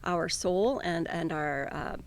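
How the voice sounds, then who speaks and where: Woman co-host, life coach, earnest and encouraging, fry-heavy gravelly voice. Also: on the low side, slow. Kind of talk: casual conversational podcast.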